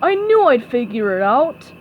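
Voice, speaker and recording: A blustery old crab boss, as a woman voices him in a storybook reading. He barks his lines loudly, in a voice only a little deeper than her own. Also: sing-song, unhurried, narrow, tinny audio, a little hiss or hum. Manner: loud, blustery exclamations. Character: gruff loud older crab boss, money-minded.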